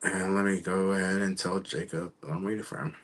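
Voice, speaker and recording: Male host, deep voice, loose rambling delivery, casual stream chat. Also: flat delivery, a bit bright. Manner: rambling, halting, trails off. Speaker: show host. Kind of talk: casual livestream talk.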